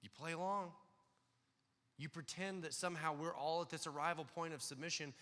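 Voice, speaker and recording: A male pastor preaching a sermon, earnest, dropping to a hush and then rising loud and excited. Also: fairly high pitch, a little fast. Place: church sanctuary. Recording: church hall with long reverb.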